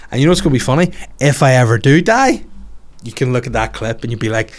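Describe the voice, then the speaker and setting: A man's voice: mid-range voice, sing-song, fast talker. A man, a comedian chatting casually on his podcast, rambling and swearing through jokey asides. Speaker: comedian podcaster answering listener questions. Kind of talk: casual solo podcast chat.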